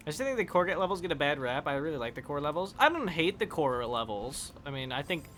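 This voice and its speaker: A man's voice: on the high side, lively intonation, brisk, few pauses, fairly bright tone, soft background music. A man chatting casually with viewers while playing a game on a live stream, rambling and swearing when he fails.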